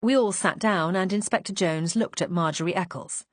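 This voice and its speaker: A woman's voice: lowish voice, normal speed, few pauses, no room sound. A woman reading a first-person mystery audiobook in a composed, wry storytelling manner. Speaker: audiobook narrator.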